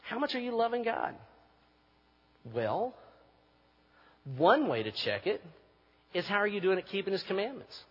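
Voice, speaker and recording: Husky-voiced male pastor preaching in a hall. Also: high-pitched, sing-song, moderate pace, long pauses. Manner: preaching, rising to forceful emphasis. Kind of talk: sermon. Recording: muffled recording with long hall reverb.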